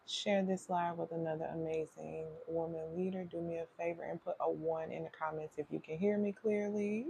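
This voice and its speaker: A woman hosts a casual livestream, welcoming viewers as they drop in. Her voice sits low and carries a gravelly fry. A faint noise hums under the phone recording. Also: steady tone, normal speed, few pauses, dark tone, muffled recording. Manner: chatty, welcoming viewers with repeated greetings. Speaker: feminine leadership strategist, livestream host.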